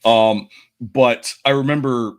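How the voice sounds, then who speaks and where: A man's voice: medium pitch, fairly even intonation, slow, clear, resonant tone. A man in his forties, a podcast co-host, telling a long personal story in casual, rambling fashion. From Southern United States.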